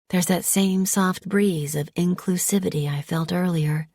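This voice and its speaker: A woman narrating a first-person romance audiobook in a soft, measured storytelling way. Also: on the low side, fairly even intonation, husky, no echo, clean studio sound.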